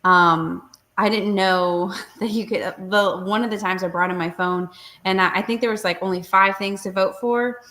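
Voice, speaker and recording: Woman guest, lively storyteller in casual talk, medium pitch. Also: normal speed. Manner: animated storyteller, acts out quotes. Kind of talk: casual chat.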